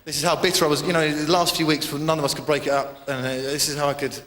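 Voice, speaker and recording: A man doing a rambling, self-mocking stand-up routine full of restarts and sudden shouted outbursts. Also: a little high, steady tone, normal speed. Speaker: stand-up comedian. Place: large live venue. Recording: live hall with crowd noise and echo.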